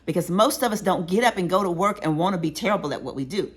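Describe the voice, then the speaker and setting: A woman's voice: lowish voice, expressive, fast talker. A woman author telling workplace stories in a conversational way, talking straight to her listeners with emphasis. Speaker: author sharing workplace advice. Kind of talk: conversational storytelling audiobook.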